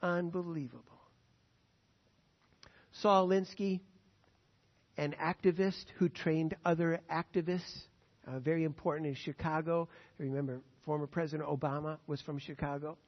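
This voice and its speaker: Emphatic high-voiced male preacher. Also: fairly even intonation, moderate pace, long pauses. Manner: emphatic, indignant delivery. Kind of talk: sermon. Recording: echoey hall, dull sound.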